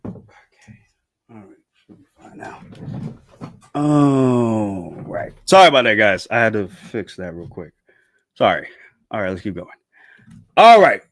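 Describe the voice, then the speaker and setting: A man's voice: on the low side, a little slow, pauses often, noisy background. Hyped up guy reacting to manga on stream, slangy, voice jumps all over the place. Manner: excitable, loud outbursts, slangy, repeats himself. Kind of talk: excited live reaction, reading manga aloud. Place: home streaming setup with green screen.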